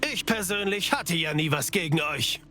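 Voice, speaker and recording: A bright friendly farmer-soldier. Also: male voice, a little high, lively intonation, moderate pace, faint music behind. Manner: friendly, chatty.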